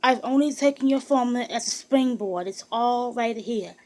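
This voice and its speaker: A woman's voice: on the high side, normal speed, darkish tone, natural voice. Woman reading as an earnest young inventor. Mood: insistent. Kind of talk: audiobook reading.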